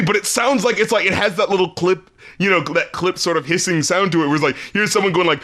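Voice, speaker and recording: A man co-hosting a casual album review podcast, animated and laughing often, swearing and acting out quotes. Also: sits high, fast talker. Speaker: podcast co-host.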